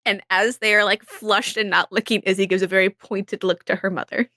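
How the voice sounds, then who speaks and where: A woman's voice: medium pitch, level tone, a little fast, bright, forceful tone, no room sound, studio quality. A woman player describing her character's actions in a tabletop game, in a casual way peppered with filler words.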